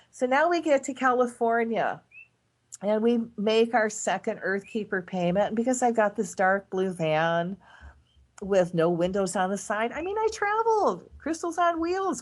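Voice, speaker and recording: A middle-aged woman guest telling a long personal story in a casual, animated way, with big swings in her voice. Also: medium pitch. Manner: animated, dramatic swings in voice when retelling events.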